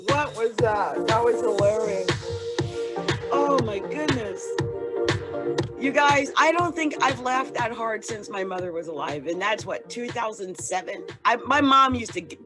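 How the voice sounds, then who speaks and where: A woman astrologer hosting her own channel, talking casually and rambling, often breaking off mid-thought. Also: a little high. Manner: rambling, self-interrupting. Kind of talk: casual vlog talk. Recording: clear music under the voice.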